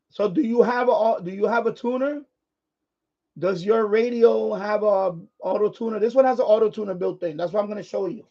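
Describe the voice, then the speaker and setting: A man with a high-pitched, darkish voice hosts a ham radio live stream. He handles his gear for a casual demonstration, rambling and restarting sentences as he goes. The audio is dull, lo-fi stream quality.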